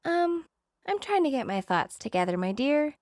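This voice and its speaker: A woman's voice: high voice, big pitch swings, normal speed, a little mellow, no room sound, clean studio sound, pitched above the performer's own voice. A woman voicing a doting older aunt who speaks in a soothing, affectionate way in a storybook reading. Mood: tactful.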